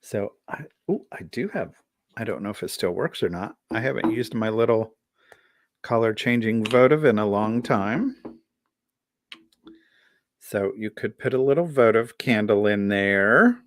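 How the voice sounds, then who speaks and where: A man's voice: fairly low pitch, animated, unhurried. A man hosting a live online sale, chatting casually about vintage items in a tired morning voice.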